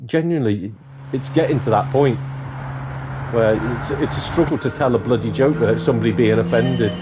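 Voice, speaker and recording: A man's voice: medium pitch, brisk, very noisy. A man streaming a game, chatting casually and telling a long joke with laughs. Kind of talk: casual storytelling chat.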